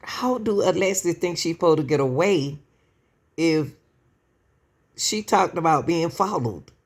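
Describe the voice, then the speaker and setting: A true-crime commentary host talks to her viewers in a low, slightly rough voice with lively intonation and a measured pace. The delivery is emotional and casual, full of rhetorical questions, and she repeatedly calls her audience "y'all."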